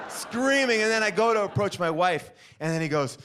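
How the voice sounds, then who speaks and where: A man doing stand-up storytelling into a stage mic, with a high, lively voice that leaps up and down. He acts out each person in the story as he goes. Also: a little fast, hardly any pauses, slight background noise. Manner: animated, acts out every character in the story. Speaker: stand-up comedian.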